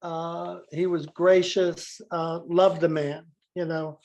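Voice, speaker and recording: Man telling warm anecdotes with laughter. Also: fairly high pitch, flat delivery, takes it slowly. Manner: laughs through anecdotes, acts out quotes. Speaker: guest speaker. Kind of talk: storytelling in a group video session.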